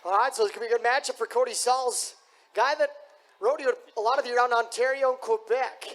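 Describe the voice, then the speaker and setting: A man announcing a live bull riding event in an arena, booming and hyping up the crowd. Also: steady tone, fast, a bit bright, a little hiss or hum. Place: rodeo arena.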